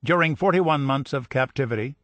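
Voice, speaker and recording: A man narrating a war history audiobook in a measured storytelling voice of middle pitch. He lifts the energy when voicing dialogue. The studio sound is dry and close. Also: a bit bright, no room sound. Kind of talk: scripted narration.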